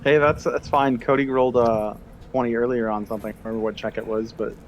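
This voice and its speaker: A man narrating and running an online tabletop game as game master, relaxed and profane, often restarting his sentences. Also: medium pitch, fast talker, slight background noise.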